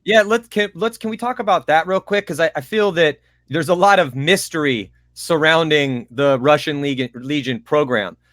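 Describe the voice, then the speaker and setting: A man's voice: a little high, normal speed, hardly any pauses, fairly bright tone, no echo, studio quality. A young man hosting a casual interview, asking long, rambling questions with a joking manner. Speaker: host.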